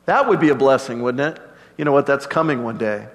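A middle-aged man preaching a sermon in a relaxed, conversational way, dropping joking asides to the congregation. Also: on the high side, fairly quick, in a large hall. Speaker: pastor.

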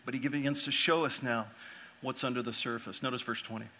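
A middle-aged man preaching a sermon as pastor, earnest and swelling louder on key points. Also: mid-range voice, fairly even intonation, a little fast.

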